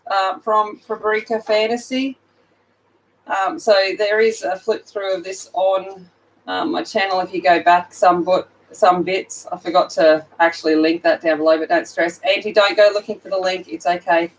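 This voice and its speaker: A woman's voice: mid-range voice, low-quality recording. Australian woman, sleepy, casual livestream chat, greets viewers by name, phone mic. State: sleepy, just woken up. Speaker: livestream host. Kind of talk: casual chat while colouring.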